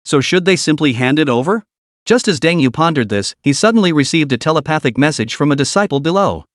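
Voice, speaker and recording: A man narrating a fantasy story in steady scripted narration. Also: fast, no room sound, clean studio sound. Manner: steady storytelling with animated pitch.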